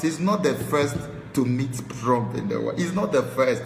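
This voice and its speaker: A man from Nigeria preaching excitedly, breaking into sung hymn lines and rising loud and high as he mocks his critics. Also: normal speed, gravelly, reverberant, big-room sound, low-quality recording. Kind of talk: celebratory preaching to camera.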